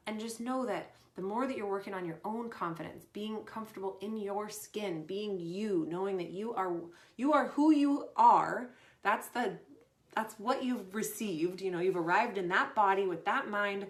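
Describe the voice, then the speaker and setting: A woman's voice: mid-range voice, a little slow, reverberant. A middle-aged woman coach giving casual advice in a chatty, conversational way. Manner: chatty, conversational, many fillers. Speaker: performance coach.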